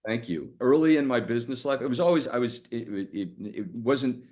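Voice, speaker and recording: A man's voice: medium pitch, animated, brisk, a little mellow. A middle-aged man from the area, a guest in a casual podcast interview, talking candidly with frequent restarts from a hotel room. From Boston area, USA. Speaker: guest, sales executive.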